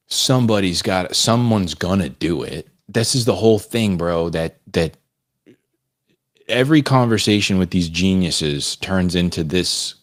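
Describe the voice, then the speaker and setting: Low-voiced laid-back podcast man. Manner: casual, calls others "dude" and "bro", riffs at length. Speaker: podcast co-host. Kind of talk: casual live podcast chat.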